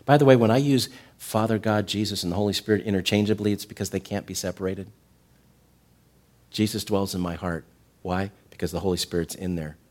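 A man's voice: sits low, a little fast. Man preaching with big swings. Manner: animated preaching, swings from loud emphatic peaks to soft tender passages. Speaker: pastor. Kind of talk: sermon.

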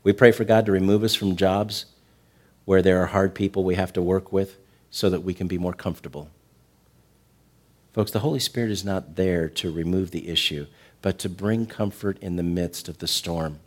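A middle-aged man delivers a sermon in a fairly low voice. He preaches with real animation, climbing to loud, emphatic peaks before dropping back into soft, tender stretches. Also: fairly even intonation, moderate pace. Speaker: pastor.

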